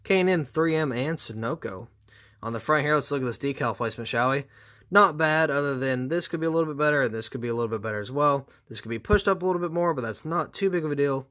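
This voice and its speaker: A man's voice: a little high, fast talker, a bit bright. A man reviewing model cars in a casual, rambling way, tired with his voice going out, dropping sarcastic asides. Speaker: diecast reviewer.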